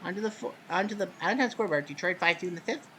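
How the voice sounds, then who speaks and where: A man's voice: high voice, rapid-fire, slight background noise. Chatty man calling simulated baseball. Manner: relaxed and chatty, with sudden loud home-run calls. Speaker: host doing play-by-play of a simulated baseball game. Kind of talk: casual sports-style play-by-play commentary.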